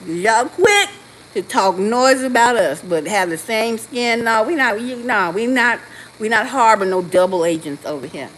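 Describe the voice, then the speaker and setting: A woman hosting a livestream, talking loudly and sassily with preachy outbursts. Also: fairly high pitch, expressive, measured pace, slight background noise, rough recording. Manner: loud, sassy and preachy, with outbursts. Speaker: livestream host. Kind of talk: casual livestream talk.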